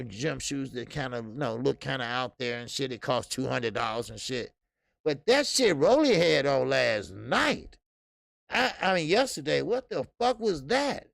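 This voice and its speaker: A man's voice: a little high, vocal fry, fairly bright tone, no echo, studio quality. A man hosting a casual boxing livestream, talking loosely and profanely, reading out chat and breaking into laughter.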